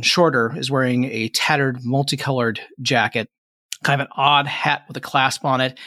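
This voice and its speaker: A man narrating as game master, halting with fillers and restarts as he describes the scene. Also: mid-range voice, sharp tone, no echo, studio quality.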